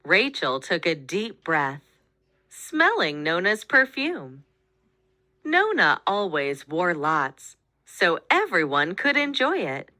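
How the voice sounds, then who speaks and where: A woman reading a children's picture book aloud, with expressive, animated storytelling. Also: on the low side, dry recording, studio quality. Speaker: storybook reader.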